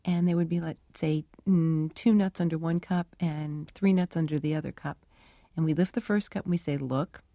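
A middle-aged woman researcher answering interview questions and telling her work stories with lively, acted-out dialogue. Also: sits low, normal speed, no room sound, clean studio sound. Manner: animated storytelling, acts out dialogue. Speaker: animal cognition researcher.

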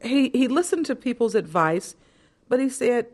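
A woman being interviewed at home, speaking in an animated way and quoting with emphasis. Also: on the high side, moderate pace. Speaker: interviewee, widow of a film critic.

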